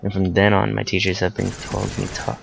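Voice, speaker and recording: A man's voice: low voice, monotone, a little fast, creaky, background noise. A teenage boy casually telling a personal story, rambling with lots of fillers and self-corrections. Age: teens.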